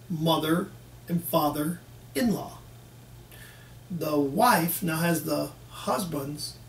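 A man preaching a folksy sermon who acts out both sides of little dialogues with the congregation. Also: a little high. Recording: echoey room, mic at a distance, faint background hiss.

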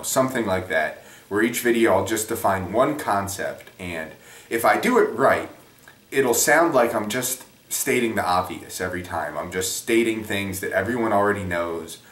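Low-voiced man explaining economics casually. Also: fairly bright tone. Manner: conversational, rambling, self-deprecating. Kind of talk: casual spoken lesson. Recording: echoey room, distant from mic.

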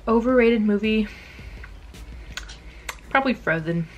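A woman's voice: fairly high pitch, unhurried, lo-fi sound, a little hiss or hum. A young woman vlogging casually while she eats, chatty and gushing, with lots of ums and likes. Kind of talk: casual vlog chat while eating.

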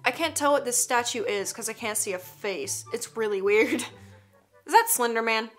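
A woman's voice: fairly high pitch, expressive, moderate pace, faint music behind. A woman hosting a casual reaction video, joking and teasing with frequent giggles. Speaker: YouTube reaction host.

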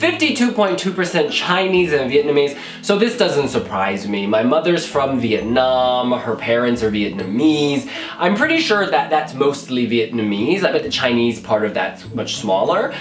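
An American man chats in a bouncy voice with big swings in pitch, gushing and exclaiming as he reacts. The sound is roomy and echoey, with faint music underneath. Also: normal speed. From United States. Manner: animated and exclamatory, calls the viewer honey. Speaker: Eurovision blogger. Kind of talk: casual vlog reaction.

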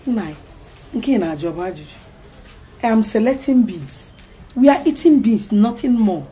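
An actress playing a calm, reassuring mother and wife. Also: a little high, normal speed, a little hiss or hum, lightly acted. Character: patient Nigerian mother and wife, middle-aged.

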